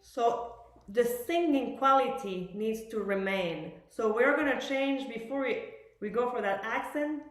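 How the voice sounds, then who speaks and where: This woman's voice runs on the high side and she takes her time. She is coaching a student during a master class in a music school room, giving long explanations and frequently groping for words, all captured in a very echoey space.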